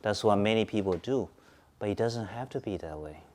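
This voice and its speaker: A man teaching Buddhism at a Zen centre, speaking calmly, repeating points and asking his listeners questions. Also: on the low side, normal speed. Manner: calm, repetitive, asks listeners questions. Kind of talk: Dharma talk to a group.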